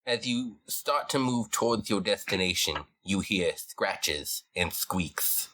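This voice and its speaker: A man's voice: on the low side, lively intonation, slow, sharp tone. A man narrating as game master of a tabletop game in a loose, joking way.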